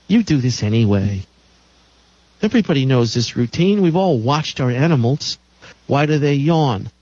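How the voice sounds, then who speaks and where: An emphatic male health host with a slightly high voice, hammering home each point by saying it twice. The sound is dull and lo-fi. It is dry and close, with no room echo. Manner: emphatic, repeats key claims. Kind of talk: health lecture.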